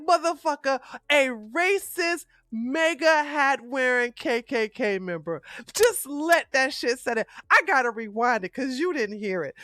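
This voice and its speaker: A man's voice: extremely high pitch, lively intonation, measured pace, hardly any pauses, pushed and bright, no room sound, clean studio sound. A man reacting to a protest video with incredulous, profane commentary, repeating himself for emphasis.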